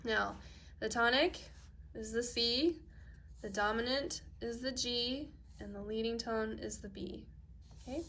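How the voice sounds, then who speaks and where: A woman's voice: a little high, a little slow, fairly bright tone. A woman teaching a piano lesson on video, explaining step by step and checking in with "okay?" as she goes. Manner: patient step-by-step explaining, asks "okay?" often. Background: piano playing.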